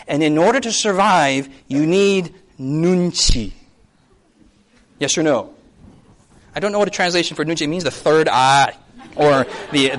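A man in his thirties preaching a sermon as a pastor, keeps asking the audience yes or no, and acts out quick voices. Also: high-pitched, a bit bright. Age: 30s. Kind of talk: lively sermon to a congregation.

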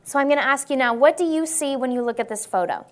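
A woman with a notably high voice gives a sincere Christian talk in the manner of a testimony sermon. She addresses her listeners directly and often pauses to check they are with her. Her delivery is earnest and personal. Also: lively intonation. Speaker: Christian speaker.

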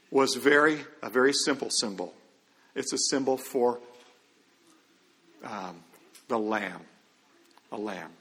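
A man's voice: mid-range voice, fairly bright tone. A middle-aged man giving an earnest, conversational testimony as a Christian businessman, with quoted dialogue. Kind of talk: storytelling testimony. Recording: long hall reverb.

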